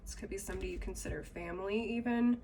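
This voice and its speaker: A woman's voice: medium pitch, racing, dark tone, slight background noise. Congested woman giving a chatty tarot reading. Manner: chatty, musing aloud over cards. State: congested with a cold. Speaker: tarot reader. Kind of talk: casual tarot reading to camera.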